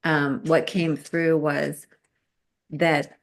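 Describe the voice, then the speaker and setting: A middle-aged woman in casual podcast chat, telling a story with animated storytelling and acting out quoted voices. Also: deep voice, drawn-out words.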